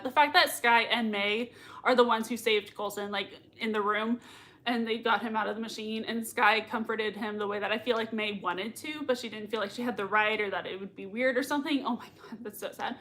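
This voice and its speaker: A woman hosts a casual livestream watch party, reading viewer comments aloud in a giggly, gushing manner and laughing often. Her voice is on the high side with a fairly bright tone.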